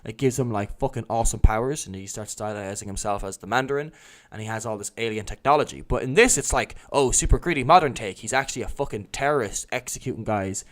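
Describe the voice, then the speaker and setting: A man's voice: mid-range voice, quick pace, a bit bright. A man casually hosting a podcast, talking in a sweary, sarcastic way and mocking characters with put-on voices. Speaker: podcast host.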